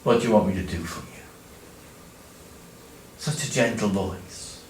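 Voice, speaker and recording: Man doing a dramatic first-person bible monologue, goes from shouting to hushed, echoey church room. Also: medium pitch, distant mic, slight background noise. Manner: dramatic, swings from loud cries to hushed tones. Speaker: church storyteller.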